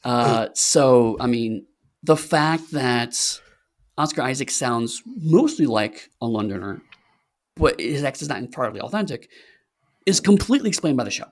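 A man's voice: mid-range voice, animated, normal speed. A man co-hosting a podcast, talking in a rambling, sarcastic way with lots of fillers and restarts. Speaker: podcast co-host. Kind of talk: casual podcast chat.

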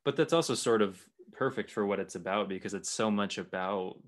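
A woman's voice: extremely low pitch, a little fast. A woman interviewing a musician, asking short casual questions and laughing along supportively.

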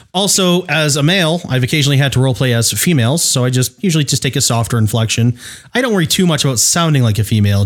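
A man in casual podcast conversation about tabletop role-playing. He speaks at an ordinary pitch. His delivery is loose and chatty, full of restarts and filler phrases. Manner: conversational, many restarts and "sort of". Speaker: podcast co-host. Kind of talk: casual tabletop gaming chat.

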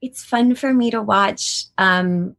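A woman's voice: mid-range voice, slow pace. A middle-aged woman, a voice actor, chatting animatedly in an interview. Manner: animated, chatty, laughs often. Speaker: voice actor guest. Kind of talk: casual interview chat.

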